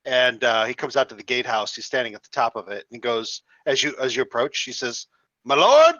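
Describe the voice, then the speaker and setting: A man narrating a tabletop game as game master, halting and restarting often. The recording sounds slightly dull and dry. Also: mid-range voice, fairly even intonation, pushed and bright, dry recording. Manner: halting, many fillers and restarts.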